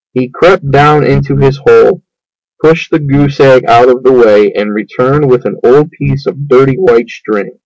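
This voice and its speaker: A man reading a children's book aloud, in an unhurried, measured way. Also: mid-range voice, a little mellow, no echo, highs cut off. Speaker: storyteller.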